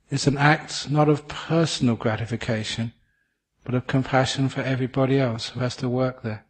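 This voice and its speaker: A man's voice: medium pitch, steady tone, moderate pace, husky. English man giving a humorous dharma talk. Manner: gentle, humorous storyteller who laughs at his own jokes. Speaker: Buddhist teacher.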